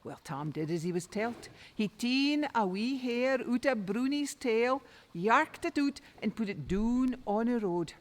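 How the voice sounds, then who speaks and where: Doric scots woman telling an old folk tale, slow, lilting, higher voice, echoey hall. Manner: lilting, expressive dialect storytelling. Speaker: storyteller. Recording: long reverb.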